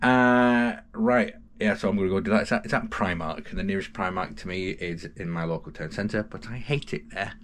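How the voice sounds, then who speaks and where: A man's voice: sits low, fairly quick, hardly any pauses, fairly bright tone, slight background noise. A British man casually vlogging his day, chatty and self-mocking, with playful sing-song asides. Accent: British English. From Britain. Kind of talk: casual vlog chat.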